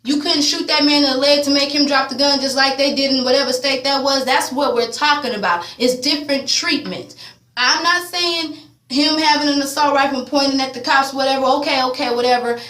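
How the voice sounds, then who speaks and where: A woman's voice: sits high, fairly even intonation, a little fast, a bit bright. Heated, profane woman vlogging. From Houston, Texas. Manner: heated, blunt, profane, rambling with many fillers. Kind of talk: emotional commentary vlog. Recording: echoey room, voice a bit far from the mic.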